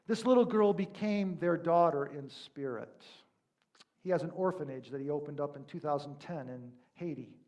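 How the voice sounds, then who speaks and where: High-voiced man preaching conversationally. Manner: conversational, emphatic, storytelling. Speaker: pastor. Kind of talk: sermon.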